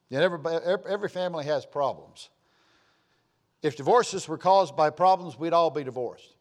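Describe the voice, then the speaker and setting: Folksy preacher man. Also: fairly high pitch. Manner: folksy storytelling, voice rising and falling with emphasis. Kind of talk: sermon.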